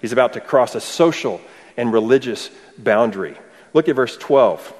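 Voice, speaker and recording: A man's voice: mid-range voice, expressive, normal speed, a little mellow. A man preaching an expository sermon, asking rhetorical questions and adding dry humor. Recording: long hall reverb.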